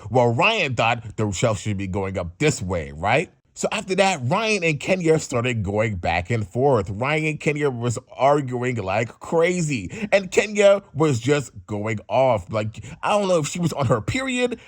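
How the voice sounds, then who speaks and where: Young man, storytime vlogger, lively animated pitch, slangy, dry close sound. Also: no room sound. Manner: animated, slangy, repeats bro. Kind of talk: casual storytime.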